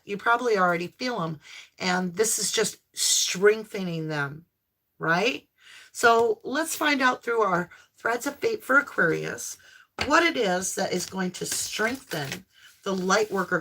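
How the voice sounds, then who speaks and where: A woman's voice: mid-range voice, pushed and bright, a little hiss or hum. A woman doing a live tarot reading for her viewers, talking in an effusive, affirming way with lots of exclamations. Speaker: tarot reader.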